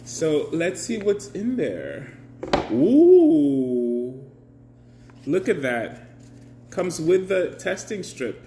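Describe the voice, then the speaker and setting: A man's voice: high voice, big pitch swings, slow pace, darkish tone, a little hiss or hum. A man hosting a casual live stream, chatty, greeting viewers by name and laughing often.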